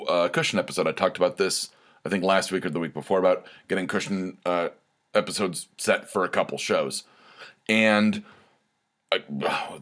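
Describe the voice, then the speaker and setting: A man's voice: low voice, a bit bright. A man hosting his own podcast, telling a personal story in a rambling, candid monologue full of restarts and asides. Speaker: podcast host.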